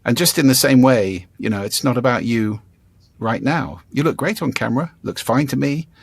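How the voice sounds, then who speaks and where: An older man as an interview guest, explaining ideas in a demonstrative way and playing with his pitch and volume to show his points. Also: normal speed, vocal fry, husky, no room sound. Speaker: guest, speaking coach. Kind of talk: conversational interview.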